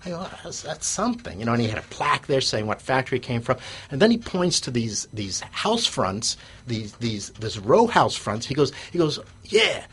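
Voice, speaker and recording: A man guest telling a casual business story, stammering and repeating words as he gets animated. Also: mid-range voice, brisk, slightly rough.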